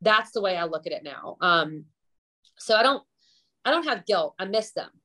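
A woman's voice: mid-range voice, lively intonation, moderate pace, sharp tone. Southern US woman, chef guest, candid casual interview talk. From US Gulf South. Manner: candid, chatty, laughs often.

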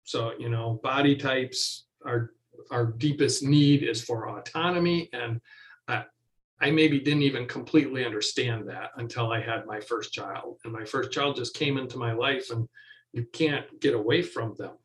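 Halting, reflective middle-aged man. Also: medium pitch, poor audio. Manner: halting, searching, many restarts. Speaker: guest. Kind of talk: reflective interview talk.

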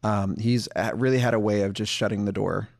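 Low gravelly guy on a podcast, lots of ums, talks in circles. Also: steady tone, fairly quick. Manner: rambling, many ums and restarts. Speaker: podcast co-host. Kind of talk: casual podcast chat.

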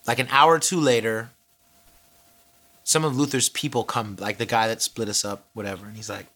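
A man telling a comic story, animated and acting out each character's voice. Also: mid-range voice, brisk. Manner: animated, acts out every character.

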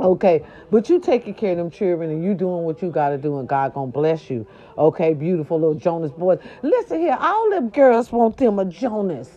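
A woman's voice: fairly high pitch, warm tone, muffled recording. A woman over forty-five giving a sassy, profane morning recap, growling and bleeping herself in fun. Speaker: vlogger. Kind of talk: casual morning recap monologue.

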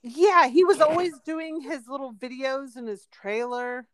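A woman's voice: high-pitched, steady tone, a little slow, no echo. A young woman co-hosting a podcast, chatting casually with blunt, sarcastic remarks and casual swearing. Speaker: podcast co-host. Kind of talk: casual chat.

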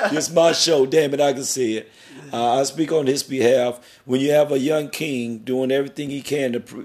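Gravelly, preachy middle-aged man. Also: medium pitch, a little mellow. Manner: emphatic, preachy and rambling. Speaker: podcast host. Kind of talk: emotional podcast interview.

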